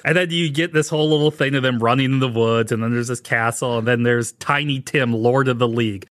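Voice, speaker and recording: A man co-hosting a podcast in casual chat, laughing often as he recounts scenes. His voice sits at an ordinary middle pitch. The sound is dry and close, with no room echo. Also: a little fast, fairly bright tone. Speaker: podcast co-host.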